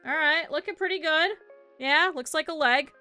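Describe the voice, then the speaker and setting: A woman's voice: high voice, moderate pace, bright, forceful tone, soft background music. A young woman with a Midwestern accent chatting casually and rambling as she streams her needle-felting craft. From northern Ohio, US. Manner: rambling, chatty, thinks aloud. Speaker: VTuber streamer. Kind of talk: casual chat while crafting.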